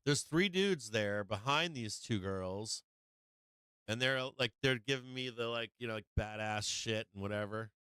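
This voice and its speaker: A man on a live stream spins a long personal story, full of ums, restarts and casual swearing. His voice sits low and sounds smooth and resonant. The sound is dry, with no room around it. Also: measured pace, bright, forceful tone, dry recording. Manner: rambling with many fillers, profanity and laughter. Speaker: host of a stock market live stream.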